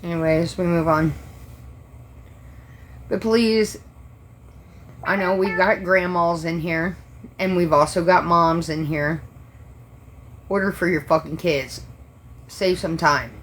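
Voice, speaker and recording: Woman, restaurant server, low-ish voice, profane exasperated livestream rant. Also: fairly even intonation, slow, pauses often, slight background noise.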